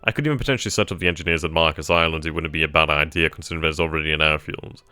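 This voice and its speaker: A man thinking aloud as he plays a strategy game, trailing off mid-sentence and bursting into giddy excitement at good news. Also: a bass voice, racing, clean tone, no echo, faint music behind. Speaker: let's play gamer.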